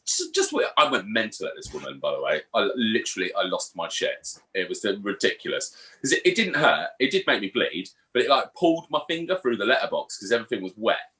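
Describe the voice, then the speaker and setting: Animated, sweary podcast host. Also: male voice, fairly low pitch, brisk, few pauses. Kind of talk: casual chat.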